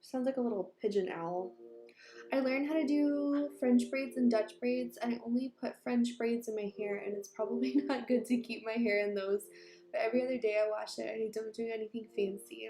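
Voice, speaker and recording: A woman's voice: on the high side, steady tone, fairly quick, mellow. A woman chatting casually on a makeup livestream, rambling and groping for words while talking to viewers and her cats. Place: small room at home. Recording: echoey room with background music. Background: background music.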